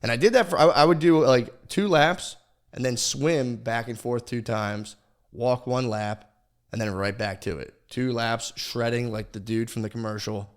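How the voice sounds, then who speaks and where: A podcast host talks at normal speed in a medium-pitched voice. His casual chat is rambling and self-deprecating, heavy on swearing, and he keeps starting his sentences over.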